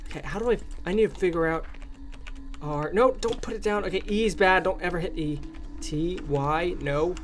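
A man hosting a gaming channel gives excitable let's play commentary on a horror game, ranting at it in jest, in a high voice at a moderate pace.

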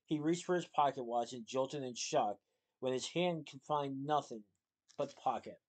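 A man reading a children's novel aloud in a plain, steady storytelling manner. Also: medium pitch, moderate pace. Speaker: reader.

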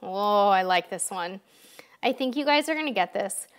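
A woman's voice: medium pitch, lively intonation, moderate pace. A woman hosting a live-stream quiz, chatting upbeat and directly to her viewers, a bit tired. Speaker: livestream host. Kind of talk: casual live-stream chat.

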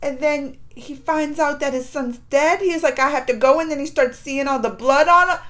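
A woman with a slightly higher-pitched voice talks through a reaction video in a relaxed, colloquial way. She retells scenes with a lot of feeling and speaks directly to her viewers at a home desk setup. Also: moderate pace. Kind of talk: casual reaction commentary.

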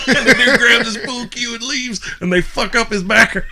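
A man's voice: high-pitched, brisk. A man on a podcast, chatting casually and acting out lines as he retells a movie scene. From of Norse and Celtic descent. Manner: animated storyteller, acts out movie lines. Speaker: podcast host. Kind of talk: casual chat.

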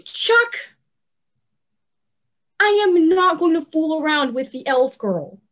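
A woman's voice: high-pitched, lively intonation, moderate pace. A young woman playing a sarcastic teenage girl on an adventure, speaking dryly. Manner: dry, sarcastic. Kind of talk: stage play acting.

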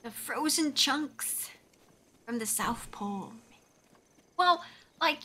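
A woman streaming a game, chatting at an unhurried, drawn-out pace with frequent "like" fillers. Her voice is bright and ringing, and she giggles easily as she rambles. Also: high voice, animated. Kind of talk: casual live-stream chat while playing.

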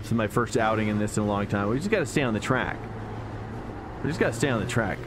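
A man's voice: on the low side, lively intonation, fast talker, background noise. A man streaming sim racing, chatting casually and thinking aloud as he talks to his viewers.

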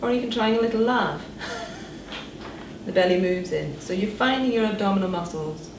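Speaking quickly at medium pitch, a British speech and language therapist calmly talks listeners through a breathing exercise step by step. The recording sounds distant, with room echo and noise behind her.

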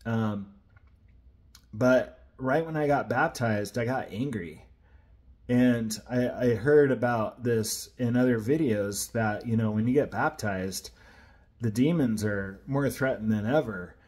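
Man, personal testimony, casual storytelling, earnest, rambling, medium pitch. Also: slow, a little mellow. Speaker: sharer of a personal faith testimony.

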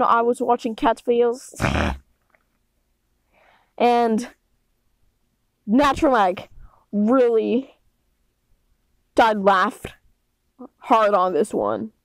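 Brief: woman, amateur fan-line reading, high voice, dry close sound, excitable and dramatic. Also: slow pace, pauses often, no echo, rough recording. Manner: excitable and dramatic, jumping between loud squeals and low mutters.

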